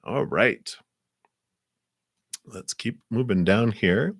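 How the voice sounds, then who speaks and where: Low-voiced man giving gentle card readings. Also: breathy edge, no room sound, studio quality. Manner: gentle, slow, reflective reading. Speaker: card reader. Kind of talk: live card reading stream.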